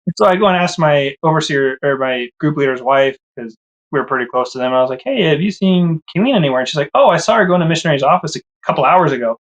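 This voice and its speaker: Man, casual storyteller, slightly high voice, animated and expressive when voicing his own past thoughts. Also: quick pace, muffled recording. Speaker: guest telling his story.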